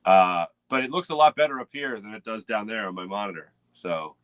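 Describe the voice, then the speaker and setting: A man's voice: on the low side, lively intonation, fairly quick, fairly bright tone, no room sound. A man hosting a casual live morning sports show, rambling and chatting with viewers by name. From United States. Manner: rambling, chatty, reads out chat names. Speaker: host. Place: home studio with webcam.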